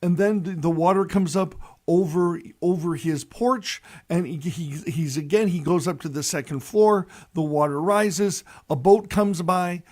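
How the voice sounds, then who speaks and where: A priest giving a folksy, earnest radio reflection and telling a story, with many "you know" asides. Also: male voice, sits high, unhurried, few pauses, darkish tone.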